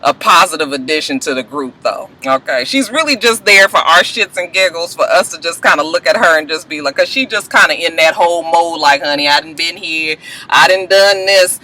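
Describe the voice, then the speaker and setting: Blunt, profane woman with a bright voice. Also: lowish voice, brisk, hardly any pauses, low-quality recording. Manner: blunt, profane and animated, doing mocking voices. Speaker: YouTube reality-show reviewer. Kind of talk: casual vlog review.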